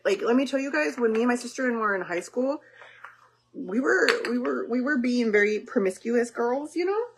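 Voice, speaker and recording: Amid background noise, a woman with a voice on the high side makes dinner while chatting with her livestream viewers. A mother hosting the stream, she addresses them directly and casually, with plenty of fillers.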